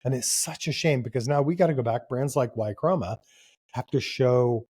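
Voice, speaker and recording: A man's voice: medium pitch, moderate pace, a little mellow, husky. A middle-aged man, a company founder, speaking as a guest in a conversational interview, telling stories with energy and emphasis.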